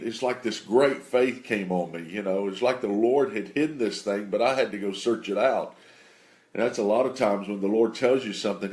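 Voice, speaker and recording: Man, lowish voice, testimony storyteller; unhurried, halting delivery full of fillers. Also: a little mellow. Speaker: preacher telling a testimony. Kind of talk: personal faith testimony.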